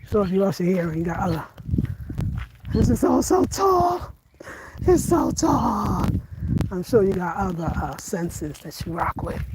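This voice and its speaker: A woman's voice: medium pitch, background noise. A woman vlogging as she walks outdoors in the countryside, chatting and laughing with her viewers. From United States. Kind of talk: casual vlog while walking.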